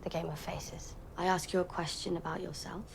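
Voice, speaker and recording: Menacing young assassin girl in a tv drama, low voice, gravelly fry, hushed threats. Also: level tone, fairly quick, a little hiss or hum. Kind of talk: TV drama acting.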